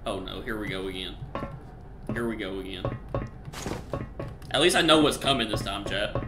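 A man's voice: lowish voice, expressive, normal speed, loud music behind the voice. A young man streaming a game, chatting casually with slang and jokes at a desk mic. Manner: chatty, joking slang asides. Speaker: gaming streamer. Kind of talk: casual live-stream commentary. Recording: echoey room.

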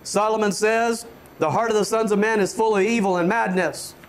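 A man preaching a fervent sermon as pastor, often stammering on restarts and building to shouts. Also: sits high, steady tone, moderate pace.

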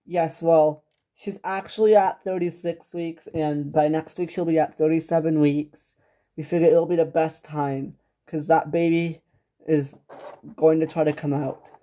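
A woman plays a businesslike female doctor in a toy-figure home drama, with a lowish, mellow voice. She explains plainly, with small hesitations. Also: steady tone, unhurried. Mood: explaining. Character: matter-of-fact hospital doctor, woman.

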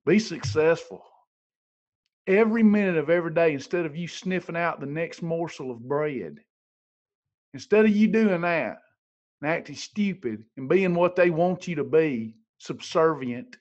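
High-voiced preachy motivational man. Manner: preachy, emphatic, repeats phrases for effect. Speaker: motivational speaker. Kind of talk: motivational livestream talk.

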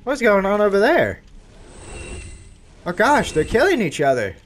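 A man talks through a video game in a high, swooping voice that jumps up in yelps whenever something happens. He speaks slowly between bursts. Loud game noise sits clearly under his voice. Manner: excitable, yelps and talks to enemies. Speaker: gaming channel host. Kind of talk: casual gameplay commentary.

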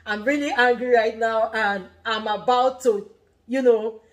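A woman's voice: fairly high pitch, steady tone, a little slow. A Nigerian woman in her thirties hosting a family vlog, chatting casually and animatedly, often laughing and restarting her phrases. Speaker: family vlog host and mother. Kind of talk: casual teaching chat.

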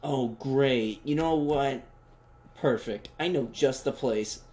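A young man doing joking let's play commentary, reacting loudly and talking in slang. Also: medium pitch, slow pace. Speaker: gamer.

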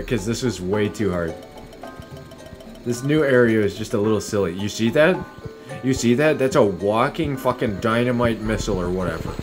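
A young man giving casual, profane gameplay commentary, laughing often and musing aloud as he plays. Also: lowish voice. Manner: swears freely, laughs often, muses aloud. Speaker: let's play streamer.

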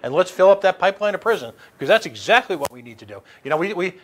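A man's voice: sits high, very animated, quick pace, slight background noise. A man hosting a radio talk show, speaking animatedly with many restarts and sarcastic asides. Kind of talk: casual political talk.

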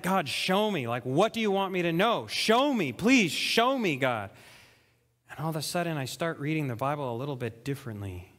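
A young man preaching a sermon, telling his conversion story with shifts between hushed and excited delivery. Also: a little high, in a large hall. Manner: emotional storytelling, swings between soft and excited. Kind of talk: testimony sermon. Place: church hall.

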